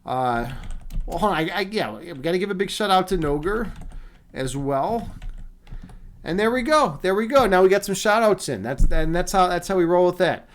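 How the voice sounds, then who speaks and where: Casual streamer host, male, high-pitched, from Chicago, rambling with lots of fillers. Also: expressive, moderate pace, a little hiss or hum. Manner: rambling, repeats words, frequent fillers. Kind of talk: casual live-stream chat.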